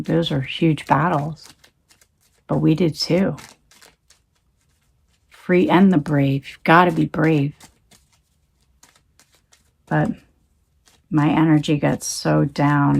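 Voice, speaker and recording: A woman's voice: deep voice, creaky, darkish tone. A woman talking into her phone in a rambling, emphatic monologue, swearing when she gets heated. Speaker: tarot reader.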